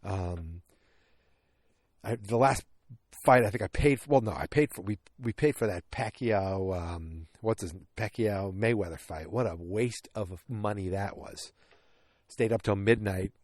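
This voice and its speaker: A man's voice: on the low side, a little slow, darkish tone, dry recording. Rambling man recapping a movie. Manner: rambling, self-correcting, joking asides. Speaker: podcast host. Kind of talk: casual movie recap podcast.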